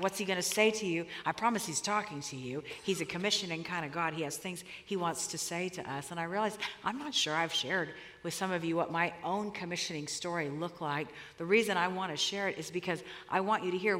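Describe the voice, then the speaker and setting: A woman's voice: lowish voice, fairly bright tone. Woman preaching in a reverberant hall. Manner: conversational storytelling, emphatic. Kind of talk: sermon with personal story.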